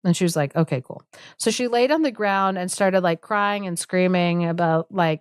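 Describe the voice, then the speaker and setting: A woman with a medium-pitched, clean voice speaks at a normal speed in a clean studio with no echo. As a podcast co-host, she casually retells a fairy tale, peppering it with "like" and sarcastic asides while acting out the characters' lines in a chatty storytelling style.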